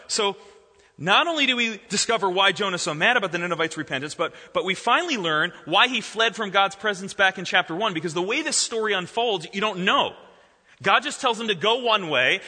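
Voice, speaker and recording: A man preaching a sermon in a church, his voice fairly high and very bright. He reads scripture slowly and then expounds with lively, swooping emphasis. The sound carries a long reverb from the hall. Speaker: pastor.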